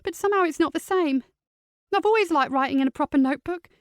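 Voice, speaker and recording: A woman voicing an upset teenage girl, speaking high and quick in an audiobook. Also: dry recording, studio quality, lightly acted. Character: distressed teenage girl, tearful and defiant.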